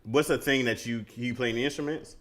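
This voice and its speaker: A man's voice: medium pitch, fast talker. A man co-hosting a podcast in casual chat, teasing and joking as he tells stories. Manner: joking, teasing, animated storytelling. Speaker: podcast co-host.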